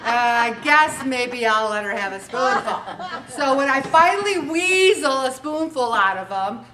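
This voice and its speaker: A woman in her forties hosting a motivational weight-loss talk, animated and acting out little scenes as she goes. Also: high voice, distant mic, noisy background. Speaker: weight-loss show host.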